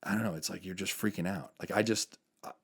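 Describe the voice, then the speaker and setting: A man with a very low, deep voice speaks on a casual podcast. He is earnest and reflective, hedging his points and restarting his sentences often. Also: fast, slightly rough. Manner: hesitant, circles back with many fillers; earnest, reflective about faith. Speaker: podcast co-host.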